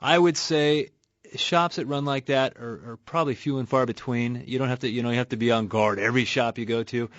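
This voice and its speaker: Male radio co-host, mid-pitch, casual and rambling, dry studio sound on a dull broadcast line. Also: steady tone, fairly quick, a bit bright, dry recording. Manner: conversational, repeats words and restarts, laughs easily. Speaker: radio show host and auto repair shop owner. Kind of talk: casual radio call-in chat. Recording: muffled radio broadcast audio.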